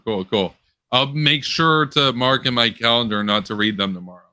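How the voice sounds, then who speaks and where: A man's voice: sing-song, pushed and bright, dry recording. Sarcastic young man hosting a rambling chat. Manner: rambling, sarcastic, quick pitch jumps. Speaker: political commentary host. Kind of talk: casual online post-show chat.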